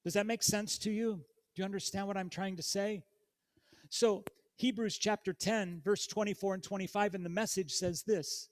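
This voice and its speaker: A man with a notably high voice preaches in a church. He reads scripture aloud, then speaks conversationally and turns to the congregation with direct questions. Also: steady tone, normal speed. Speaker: guest preacher. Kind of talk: sermon.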